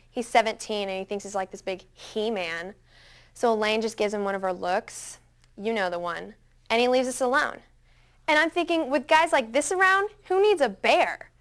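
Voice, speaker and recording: A woman tells a story as a scripted first-person monologue, chatty and dramatic, with a slightly high voice. She leans on casual fillers. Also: a bit bright.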